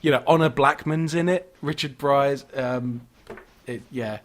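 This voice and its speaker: A man co-hosting a casual podcast, chatting eagerly and often breaking into laughter. His voice sits in an ordinary middle pitch, and he rambles on with frequent restarts. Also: a little slow. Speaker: podcast co-host. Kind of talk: casual horror film chat.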